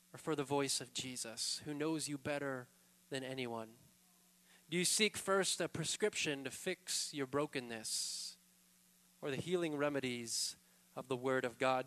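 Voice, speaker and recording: A man's voice: fairly high pitch, fairly bright tone, long reverb tail. A man preaching a sermon as pastor, earnest and conversational, asking pointed rhetorical questions and adding casual asides.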